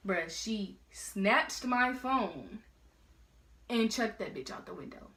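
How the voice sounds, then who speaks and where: A teenage girl telling a story in a casual, slangy, animated way. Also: medium pitch, takes it slowly, slight background noise. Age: teens. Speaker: vlogger. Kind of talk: storytime vlog. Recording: roomy echo.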